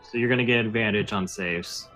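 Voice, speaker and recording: A man playing a tabletop game, checking rules and reacting quickly to the others. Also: lowish voice, pushed and bright, faint music behind. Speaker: player. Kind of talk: casual tabletop game chat.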